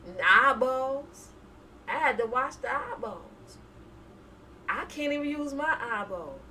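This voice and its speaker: A woman's voice: sits high, animated, measured pace, bright, forceful tone, far from the mic, slight background noise, poor audio. A woman hosting a casual live stream, chatting and laughing as she reads viewer emotes aloud. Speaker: reaction streamer.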